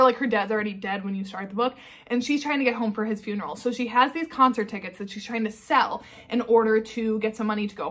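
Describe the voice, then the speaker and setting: Woman gushing about books, kinda high voice, blunt, says like a lot. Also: a bit bright. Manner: chatty and blunt, heavy on fillers like "like". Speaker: book reviewer. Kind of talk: casual chat.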